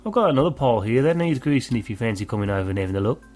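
A man's voice: medium pitch, lively intonation, very fast, darkish tone, faint music behind, pitched above the performer's own voice, close to an everyday voice. A man voicing a brash, sarcastic male security chief. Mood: mocking. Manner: sarcastic, teasing.

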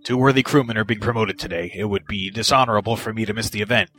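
A man's voice: lowish voice, fast, fairly bright tone, faint music behind, close to an everyday voice. A man doing a stiff, proud warrior officer. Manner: formal, stiff. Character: proud, guilt-ridden male warrior officer.

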